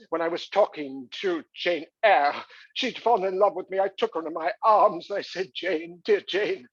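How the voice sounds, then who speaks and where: A man's voice: high voice, husky, no room sound, highs cut off. A man playing a vain, boozy, rakish aging movie star with a put-on English accent and a flippant, posh showman's delivery.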